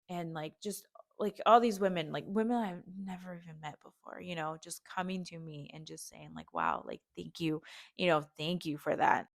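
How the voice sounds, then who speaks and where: A young woman talks through a personal story, heartfelt and meandering, full of little fillers and restarts. Her voice sits fairly low for a woman and sounds close and dry, with almost no room around it. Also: gravelly, no room sound. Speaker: podcast host.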